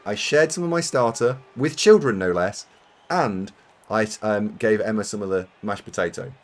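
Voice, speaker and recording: Streaming a game live, this man from the UK talks to his viewers in a lowish voice at a normal pace. His chat is casual and rambling, full of self-mockery and frequent laughter.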